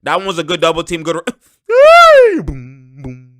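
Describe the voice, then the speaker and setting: A man hosting a basketball reaction show, giving slangy, excited commentary over game clips and laughing often. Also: fairly high pitch, brisk, no room sound, clean studio sound. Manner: animated, slangy, laughs often, shouts at plays. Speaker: host of a basketball reaction channel.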